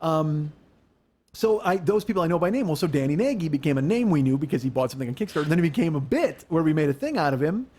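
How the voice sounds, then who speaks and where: A male podcast host rattles through rambling stories at a quick clip, swearing freely. His voice sits a little high, and his telling stays animated and loose throughout. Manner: rambling, profane, animated storytelling. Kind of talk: casual chat.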